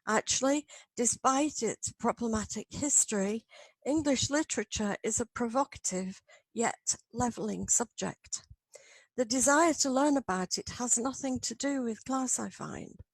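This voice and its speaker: A middle-aged woman academic reading her paper aloud in a measured, earnest way. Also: fairly high pitch, no echo, poor audio. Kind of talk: read-aloud lecture.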